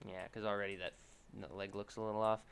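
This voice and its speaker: A man's voice: fairly low pitch, flat delivery, fast talker, creaky, smooth. A young man streaming himself drawing, chatting casually and thinking aloud with lots of restarts. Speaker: artist streaming a drawing session. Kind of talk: casual commentary while drawing.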